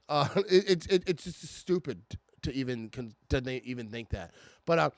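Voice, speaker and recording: A man's voice: mid-range voice, normal speed, no room sound. A man in a casual, irritated fan rant about his team, stammering and restarting often. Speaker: sports fan vlogger.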